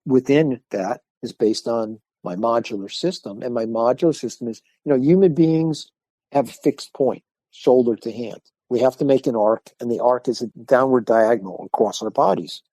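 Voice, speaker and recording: An older man speaks as an interview guest, explaining his training ideas in a casual, animated way. His voice is mellow and warm, and he slips into the voices of the people in his stories. The recording is dry and close to the mic. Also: mid-range voice, normal speed, dry recording. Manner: animated storyteller, acts out quoted voices. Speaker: martial arts instructor, podcast guest.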